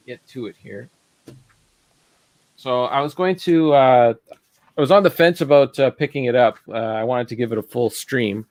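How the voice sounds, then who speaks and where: A man's voice: mid-range voice, dry recording. A music blogger, a man, talking modestly on a video call with many hesitations. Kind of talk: casual chat on a live stream.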